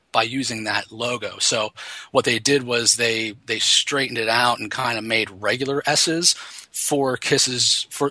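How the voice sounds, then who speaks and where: A man talks casually as a podcast co-host, his voice bright and forceful. He rambles, circling back with "you know" and restarting thoughts. The sound is dry and close, with no room around it. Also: mid-range voice, dry recording. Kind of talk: casual chat.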